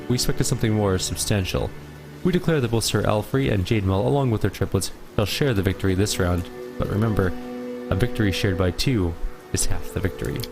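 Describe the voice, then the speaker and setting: A man voicing a playful, ancient fey gnome host in a video game playthrough, speaking in a measured, formal, riddling way. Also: on the low side, natural voice. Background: game music.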